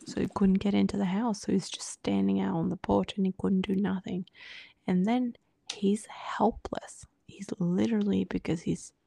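A woman with a deeply gravelly, husky voice and a mellow, dark tone tells a personal story on a podcast. She talks casually, often sinking to a breathy near-whisper and quoting others' words as dialogue. The sound is dry and close. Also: flat delivery, normal speed, no room sound. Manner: quotes others in dialogue with many fillers. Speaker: podcast co-host.

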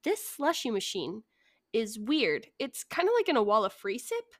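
A woman's voice: fairly high pitch, very animated, normal speed, no echo, studio quality. Giggly young woman reading a story. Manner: giggly, reads stories with asides. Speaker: podcast co-host. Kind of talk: casual chat and story reading.

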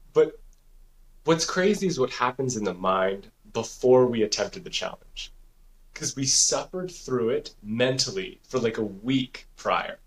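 A man's voice: mid-range voice, poor audio. A young man co-hosting a podcast in casual chat, telling a story with a lot of swearing and acting out his own past thoughts. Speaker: podcast co-host.

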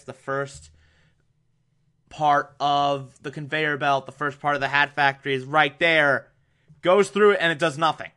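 A man recapping an episode with heavy sarcasm, often bursting into exasperated rants. His voice sits a little high with a bright, forceful ring. He talks at an unhurried, drawn-out pace. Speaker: show recap host.

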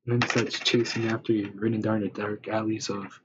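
Man, low flat voice, rambling improvised yarn, muffled lo-fi audio. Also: brisk. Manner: rambling, filler-heavy second-person telling. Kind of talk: improvised spoken story. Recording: dull lo-fi recording, faint hiss.

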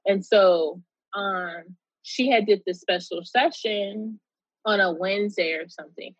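A woman guest tells a story in a candid, animated way and swears without holding back. Her voice sits in a middle register. The recording is dry and a bit muffled, like a lo-fi call. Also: mid-range voice, unhurried, dry recording. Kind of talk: casual storytelling in an interview.

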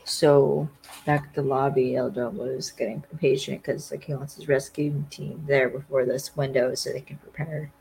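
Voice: mid-range voice, little pitch movement, normal speed, creaky, darkish tone, a little hiss or hum, rough recording. A podcast host casually recapping a TV episode, rambling with lots of fillers and acting out the characters' lines. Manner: rambling, lots of "like", acts out quotes.

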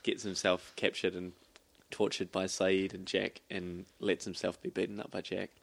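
A man's voice: deep voice, monotone, normal speed, gravelly. A man co-hosting a podcast in casual chat, who giggles through his sentences. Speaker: podcast co-host.

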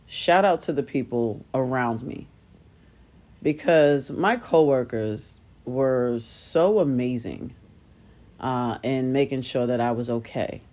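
Speaking slowly in a very deep, slightly mellow voice, a middle-aged woman tells stories on her solo podcast. Her tone is casual and self-mocking as she laughs at herself and performs quoted voices.

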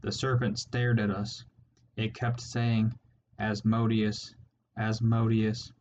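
A man voicing a terrified male rodent soldier who talks in a shaky, squeaking way, in a slightly muffled recording. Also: level tone, slow pace, darkish tone. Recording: slightly muffled with faint hiss.

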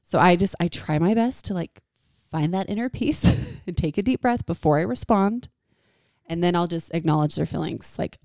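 A woman in her thirties co-hosting a podcast, talking about parenting in a frank, casual way with frequent laughs. Her voice sits a little low and has a gravelly fry. It is recorded close and dry. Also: expressive, moderate pace, dark tone, no echo. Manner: candid, laughs often, says "like" a lot. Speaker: podcast co-host. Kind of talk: casual chat.

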